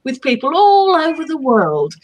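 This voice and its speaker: A woman's voice: high voice, normal speed, low-quality recording. A woman co-hosting a self-help live stream, speaking in an emphatic, affirming way over a video call. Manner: emphatic, affirming, animated delivery.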